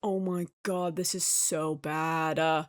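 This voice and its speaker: A woman's voice: low-pitched, steady tone, slow, slight background noise. A young woman giving a live reaction commentary, emotional and pleading, often gasping or dropping to a whisper, close to tears. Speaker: anime reaction youtuber.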